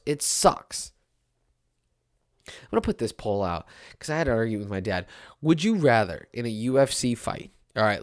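A man in his twenties giving a casual sports rant, animated and exasperated, with frequent restarts. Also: on the high side. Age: 20s. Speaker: sports commentator.

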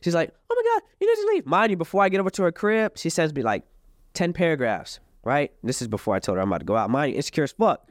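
Young man, 20s, fast storyteller, slangy, animated, dry sound. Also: dry recording. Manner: animated, acts out the other side's lines in a high voice; profane street slang, fillers like "da, da, da". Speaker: boxer and podcast guest. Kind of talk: casual storytelling chat.

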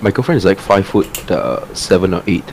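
A young man co-hosting a casual podcast, mocking his friends and jumping into squeaky impressions. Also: very animated, a little fast, darkish tone, slight background noise. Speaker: podcast co-host. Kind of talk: casual chat among friends.

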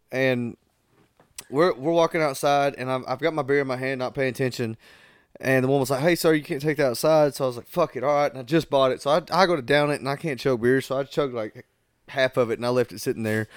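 Smooth-voiced guy telling stories. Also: medium pitch, no echo, clean studio sound. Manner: profane, laid-back, laughs through stories. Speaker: podcast host. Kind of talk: casual storytelling chat.

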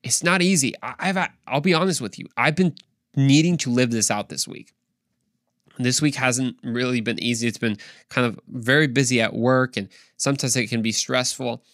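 A young man gives an informal devotional talk in a mid-range voice. He is animated and slangy and drops in quick asides. The sound is close and dry, with no room around it. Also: medium pitch, no echo. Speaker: podcast preacher.

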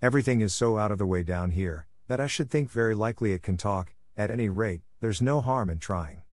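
A man's voice: lowish voice, a little fast, no room sound, clean studio sound, close to an everyday voice. A man reading the part of a polite, chatty little girl in a storybook, speaking earnestly. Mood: wondering.

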